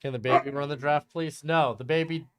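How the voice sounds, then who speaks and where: A man's voice: a little high, fairly even intonation, fairly quick, clean tone. A young man hosting a live-streamed mock draft, talking casually and bluntly and mocking bad trades.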